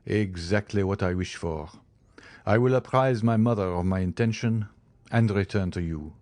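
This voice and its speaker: A man's voice: lowish voice, moderate pace, a little mellow, no echo, natural voice. A man reading the part of an eager young viscount in an audiobook, speaking earnestly.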